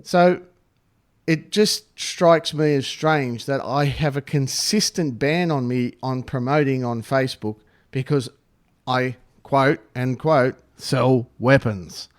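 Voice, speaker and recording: A man's voice: mid-range voice, fairly even intonation, slow pace. A man in a casual podcast chat, blunt and wry and laughing as he talks. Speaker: knifemaking supplier, podcast guest.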